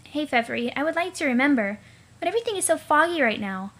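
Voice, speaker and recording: A woman's voice: sits high, animated, fast talker, fairly bright tone. A woman voicing a tired, irritable teenage girl who talks bluntly. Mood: cranky.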